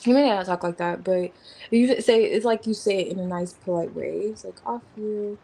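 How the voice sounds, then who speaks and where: A woman talks through a tarot spread in a loose, chatty way, naming cards as she turns them and musing out loud. Her voice has a gravelly fry, and her speech stays informal and slangy. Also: on the low side, normal speed, poor audio. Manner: rambling, thinking aloud while naming cards. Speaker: tarot reader. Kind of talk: casual tarot reading.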